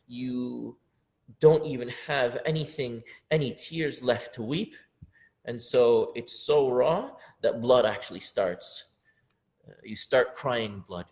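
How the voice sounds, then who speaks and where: Earnest male teacher explaining a poem. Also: mid-range voice. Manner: earnest, repeats phrases for emphasis, rises sharply when voicing inner speech. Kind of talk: lecture explaining classical poetry.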